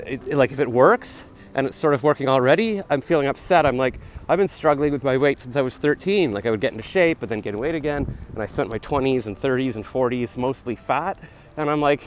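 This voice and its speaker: A man in his forties rambling casually into his phone while jogging along a city street, with chatty, self-deprecating asides. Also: medium pitch. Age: 40s. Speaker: vlogger. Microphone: phone camera held while jogging. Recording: faint street noise outdoors.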